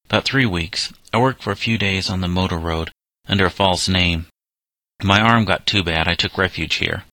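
A man's voice: sits low, normal speed, bright, forceful tone, no room sound. A man reading as a defiant runaway boy of seventeen. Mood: sullen. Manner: bitter, resentful protests.

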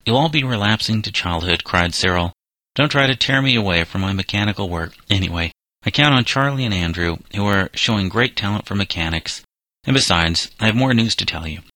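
A man narrating a children's novel aloud in a steady storytelling manner, giving the boys light character voices. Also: lowish voice, fairly quick, dry recording. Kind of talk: audiobook reading of a children's novel.

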